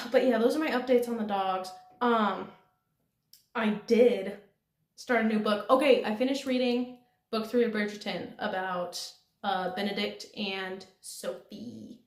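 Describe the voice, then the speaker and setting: A woman's voice: mid-range voice, unhurried. Chatty laughing young woman, echoey room. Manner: chatty, rambling, laughs often. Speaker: vlogger. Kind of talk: casual diary vlog.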